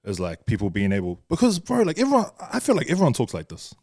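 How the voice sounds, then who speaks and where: A man's voice: medium pitch, huge pitch swings, quick pace, a little mellow, dry recording, studio quality. A young man with a New Zealand accent, a podcast guest who talks candidly, swears freely and laughs often in casual chat. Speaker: guest, social media influencer.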